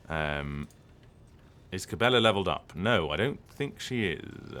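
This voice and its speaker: A voice actor chatting casually on a live stream, rambling and hesitant with lots of ums and restarts. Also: male voice, low-pitched, expressive, unhurried, pushed and bright.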